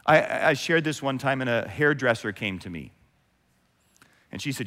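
Male pastor, sermon delivery, animated with acted-out asides, slightly high voice, long church-hall reverb. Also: moderate pace. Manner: animated, acts out quoted voices, swings from loud to hushed.

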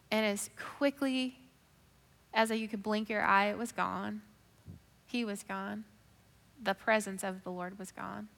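Woman, bright and forceful tone, emotive testimony storyteller, long hall reverb. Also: mid-range voice, fairly even intonation, slow pace, gravelly, pauses often. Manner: emotive storytelling, drops to a hushed whisper then rises loud. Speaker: speaker giving a faith testimony. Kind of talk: personal testimony.

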